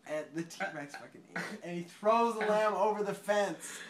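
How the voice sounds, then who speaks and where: A drunk man rambling through a movie plot, swearing often, laughing and breaking into sudden loud outbursts. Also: high voice, moderate pace, slight background noise. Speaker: storyteller.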